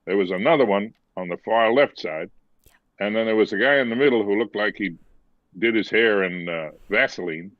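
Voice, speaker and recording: A man's voice: on the low side, moderate pace, dry recording, phone-quality sound. A man from Los Angeles telling a story as a guest and acting out the voices in it. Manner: animated storyteller who acts out voices.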